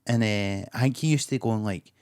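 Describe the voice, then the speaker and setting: A Glaswegian man hosting a podcast, chatting casually and telling a quick, sweary story. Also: on the low side, a little mellow, smooth. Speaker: podcast host.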